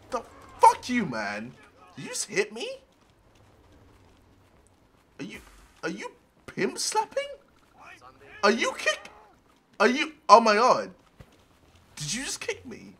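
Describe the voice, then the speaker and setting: A young man giving loud, profane gameplay commentary, shouting and yelping at the game. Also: very high-pitched, wildly swooping pitch, unhurried, long pauses, slight background noise. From England. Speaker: gaming video creator.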